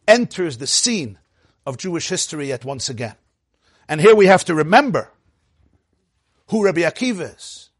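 A man teaching a Torah lecture, telling the story with animated delivery, laughing now and then, and mixing in Hebrew terms. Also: a little high, husky, no room sound, clean studio sound. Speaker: rabbi teaching.

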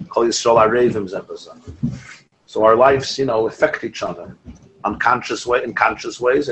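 A man teaching a Torah class as a rabbi, lively, quoting Hebrew texts and telling stories. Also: medium pitch, background noise. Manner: animated, quotes Hebrew and Aramaic texts, asides and restarts.

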